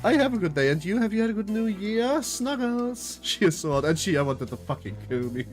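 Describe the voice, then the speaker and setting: A woman streaming a game who reads the dialogue aloud and reacts in an excitable way, laughing often and swearing freely. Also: on the low side, quick pace, soft background music. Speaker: VTuber streamer.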